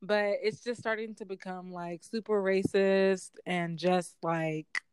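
Chatty young woman with a smooth voice. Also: medium pitch, slow, dry recording. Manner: rambling, filler-heavy, animated storytelling. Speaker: podcast co-host. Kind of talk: casual chat.

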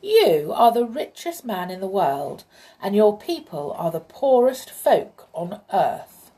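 A woman's voice: mid-range voice, big pitch swings, slow, dark tone. A woman voicing a clever little male flute player who speaks firmly and lectures the king. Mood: scolding. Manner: firm and lecturing.

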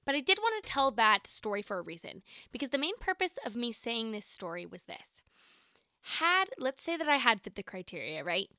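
Bright-voiced chatty nineteen-year-old woman. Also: a little high, normal speed, no echo, studio quality. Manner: chatty, animated, lots of "like" and quoted dialogue. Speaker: podcast host. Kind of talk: casual storytelling.

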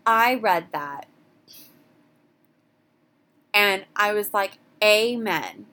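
A woman's voice: mid-range voice, a little slow, a bit bright. A young woman hosting a casual solo podcast, talking candidly and rambling with frequent restarts. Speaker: podcast host.

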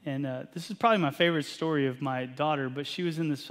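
A man in his thirties from Texas, a pastor preaching a sermon and telling an animated, self-deprecating family story. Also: mid-range voice, brisk. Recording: long hall reverb.

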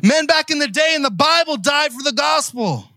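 A young man preaching a fervent sermon, swinging from shouted declarations to slangy, casual asides. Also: very high voice, lively intonation, moderate pace, no echo. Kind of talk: energetic sermon.

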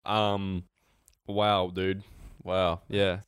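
Young aussie bloke on a podcast, excitable, rambly, swears a lot, dry close sound. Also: male voice, sits low, extremely slow, smooth, no echo. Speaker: podcast co-host. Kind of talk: casual chat.

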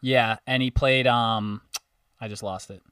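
A man's voice: medium pitch, steady tone, a little slow, fairly bright tone, clean tone, dry recording, clean studio sound, far from the mic. A young man co-hosting a podcast, rambling and joking casually with lots of fillers. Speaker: podcast co-host. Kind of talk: casual chat.

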